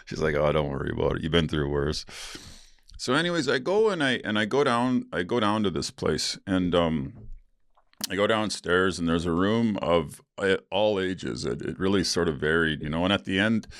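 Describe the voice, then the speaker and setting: A middle-aged man with a lowish voice, hosting a podcast and telling stories in a casual, meandering way. He stumbles, restarts and drops the odd swear word. The sound is dry and close, with no room around it. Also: expressive, moderate pace, a bit bright, no room sound. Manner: rambling, frequent restarts and fillers, blunt swearing. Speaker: podcast host. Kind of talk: casual storytelling.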